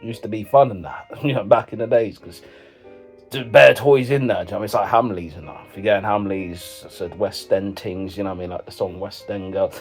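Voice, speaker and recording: A man's voice: on the low side, fairly quick, darkish tone, soft background music. A man doing jokey commentary, rambling in slang and asking "you know what I mean" again and again. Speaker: comedy vlogger reacting to dating profiles. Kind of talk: jokey commentary with sung snippets.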